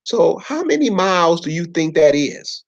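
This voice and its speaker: A man's voice: a little high, very animated, normal speed, dull audio. Preachy man lecturing with rhetorical questions. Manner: talks to the audience in loose slangy speech. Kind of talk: informal lecture pointing at a map.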